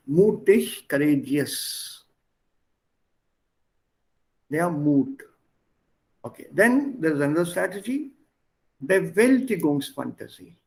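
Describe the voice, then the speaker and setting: A man's voice: fairly high pitch, expressive, slow, creaky, pauses often, a little mellow. A man teaching an online language class over a video call, explaining words one at a time and switching between languages.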